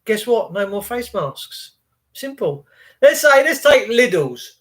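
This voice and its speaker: A high-pitched man hosts a live stream and rants angrily. He swears freely and mixes sarcasm into his complaints. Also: big pitch swings, slow pace. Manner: angry, sweary, sarcastic ranting. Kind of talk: ranting live-stream chat.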